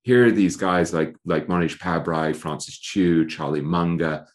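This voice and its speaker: A man's voice: sits low, fairly even intonation, measured pace. A middle-aged man speaking as an author in an interview, thoughtful and given to restarting his sentences. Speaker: author guest. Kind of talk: interview conversation.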